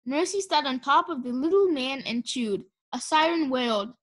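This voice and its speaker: Expressive woman reading a storybook. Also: high-pitched, moderate pace. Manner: expressive, does character voices. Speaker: audiobook narrator.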